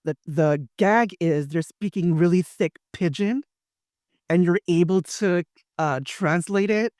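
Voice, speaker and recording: Upbeat man interviewing a guest; a bit high-pitched, eager and effusive, dry mic. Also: unhurried, a little mellow, no room sound. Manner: enthusiastic, effusive, chatty. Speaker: interviewer host. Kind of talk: casual interview.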